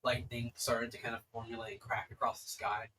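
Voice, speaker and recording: A man's voice: mid-range voice, flat delivery, fairly quick, bright, forceful tone, far from the mic, slight background noise, poor audio. A man running a tabletop game as game master, describing scenes in a casual, rambling way.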